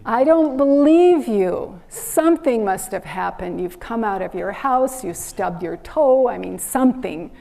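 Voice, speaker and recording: A woman's voice: mid-range voice, expressive, a little slow, creaky, few pauses, warm tone. A woman voicing skeptical villagers who question a returning hermit insistently. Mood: disbelieving. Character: doubting male villagers, eager and disbelieving.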